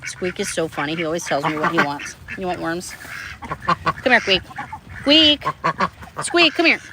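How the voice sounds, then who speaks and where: A woman keeping ducks, talking casually outdoors and coaxing her birds in a high voice. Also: steady tone, normal speed, noisy background. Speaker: duck keeper. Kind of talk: casual farm vlog talk. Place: outdoors by duck pens.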